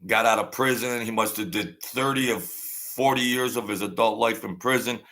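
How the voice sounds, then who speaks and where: Older male host, gravelly and forceful, blunt and wary in a casual monologue. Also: medium pitch, normal speed. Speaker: channel host. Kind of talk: rambling casual storytelling.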